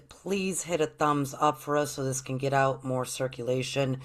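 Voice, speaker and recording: A woman hosting a spiritual interview show, talking in an earnest, chatty way with long, rambling questions. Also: very deep voice. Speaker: host.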